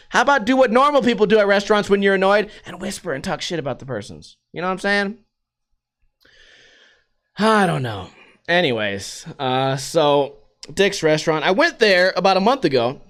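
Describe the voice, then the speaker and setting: A man's voice: sits high, fairly bright tone, smooth. A man in his thirties hosting a podcast, telling crude, rambling stories in a casual comedic monologue and laughing often. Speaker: podcast host.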